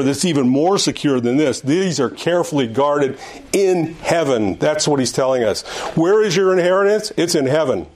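An older man teaching an adult Sunday school class in a conversational way, repeating phrases and restarting sentences, rising and speeding up on key points. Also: on the high side. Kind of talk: Bible lesson. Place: church classroom.

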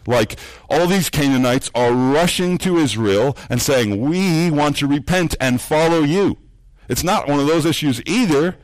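A man preaching a sermon, earnest, repeating words as he builds points and dropping low and soft for emphasis. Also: no room sound. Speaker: pastor.

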